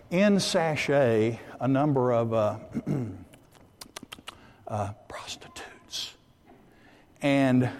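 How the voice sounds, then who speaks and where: A male preacher tells a story from the pulpit and acts out the voices of its characters. His voice sits at an ordinary middle pitch. A long reverb trails behind him, as in a large church hall. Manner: animated storyteller acting out quoted voices. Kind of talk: sermon storytelling.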